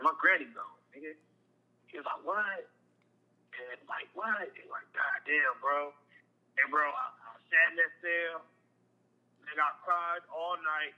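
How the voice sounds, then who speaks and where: A man's voice: a little high, pushed and bright, rough recording. A man candidly telling a personal story in casual, slangy talk, often repeating himself. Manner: candid, emotional, repetitive, slangy.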